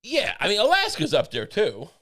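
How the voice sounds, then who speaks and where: A man's voice: high voice, huge pitch swings, normal speed, pushed and bright. A young man co-hosting a comedy podcast, joking and rambling with lots of restarts. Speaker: podcast co-host. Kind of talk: casual comedic chat.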